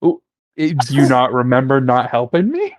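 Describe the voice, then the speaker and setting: A man's voice: medium pitch, sing-song, no echo. A man co-hosting a podcast over a remote call, chiming in with jokes. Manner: joking, quick with wisecracks. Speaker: podcast co-host. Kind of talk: casual podcast chat.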